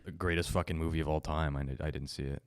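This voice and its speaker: A man's voice: very deep voice, flat delivery, fast, clear, resonant tone, no room sound, studio quality. A young man co-hosting a casual podcast, enthusiastic and swearing freely. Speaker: podcast co-host. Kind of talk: casual chat.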